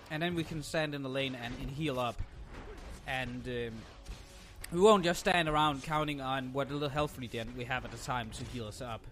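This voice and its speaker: A man's voice: on the high side, a bit bright, a little hiss or hum. Sarcastic young man ranting over gameplay. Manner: sarcastic, ranting, swears freely. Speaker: gameplay commentator. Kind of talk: casual game commentary.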